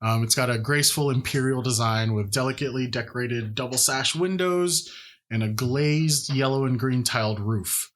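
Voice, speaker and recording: A man's voice: medium pitch, moderate pace. Man narrating as game master, loose and chatty. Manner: relaxed, many fillers.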